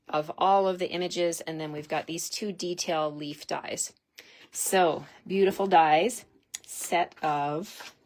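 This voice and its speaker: A woman hosting a live craft demonstration, chatty and excitable, gushing over each product as she unpacks it. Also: fairly low pitch, slight background noise.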